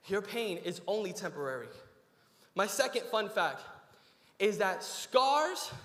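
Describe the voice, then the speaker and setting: A young man with a fairly high voice delivers a short sermon in a roomy, echoing hall. He talks casually, telling a story, then climbs into emphatic preaching. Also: a bit bright. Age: young adult. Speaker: student preacher. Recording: echoey hall.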